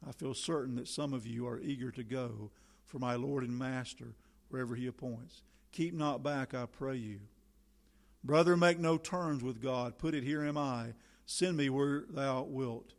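A man's voice: medium pitch, a little slow, gravelly. A man preaching a sermon in solemn, old-fashioned biblical language, building to fervent appeals. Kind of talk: sermon reading.

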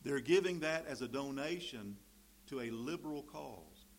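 A man delivering a sermon, his voice sitting at an ordinary middle pitch. He reads scripture aloud, climbs to loud, emphatic preaching, then drops into quiet, folksy asides. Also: lively intonation, moderate pace, breathy edge. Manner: folksy, conversational storytelling between scripture readings.

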